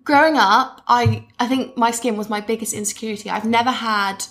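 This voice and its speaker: A woman's voice: fairly high pitch, fairly even intonation, brisk, fairly bright tone. Chatty twenty-something woman guest. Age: 20s. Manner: casual, many fillers and restarts, speaks in likes. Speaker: podcast guest. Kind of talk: casual chat.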